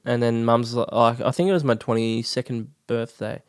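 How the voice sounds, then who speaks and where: An Australian man in his thirties, a podcast guest casually telling his life story, relaxed, swearing freely and saying "like" a lot. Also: medium pitch, moderate pace, smooth, no echo, clean studio sound.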